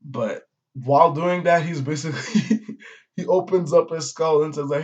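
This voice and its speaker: His voice sits on the high side, yet the tone is steady and somewhat dark, and he speaks at a normal pace. This man, a manga reviewer, rambles casually about a comic chapter using slang, profanity and lots of fillers, all in a dull, lo-fi audio-only recording.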